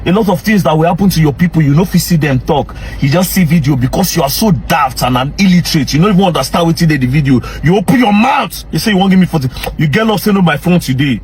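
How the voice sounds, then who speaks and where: A young man with a Nigerian Pidgin English accent, ranting angrily and confrontationally straight to camera as a social media commentator, often breaking into shouts. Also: a little high, expressive, quick pace, few pauses, slight background noise. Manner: angry, confrontational, repeatedly shouting. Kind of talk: heated direct-to-camera rant.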